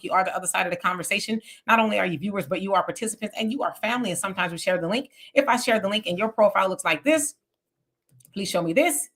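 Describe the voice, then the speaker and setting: Bright-voiced woman hosting a livestream. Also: lowish voice. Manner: greets viewers by name one after another. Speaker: host. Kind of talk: livestream talk show.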